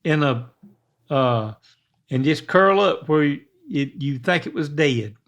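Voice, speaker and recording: An older man with a Southern accent from coastal South Carolina, talking in a relaxed, folksy chat. He answers slowly and hesitantly, in a voice set a little higher than most men's. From northern coastal South Carolina. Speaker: show regular, father of the host. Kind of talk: casual chat.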